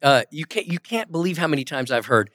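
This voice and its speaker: A man's voice: fairly high pitch, fast, no room sound, clean studio sound. A man telling stories as a guest on an interview podcast, acting out the voices of the people he quotes. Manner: animated storyteller, acts out quoted voices. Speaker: guest, ventriloquist and impressionist. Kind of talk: casual interview storytelling. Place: podcast studio.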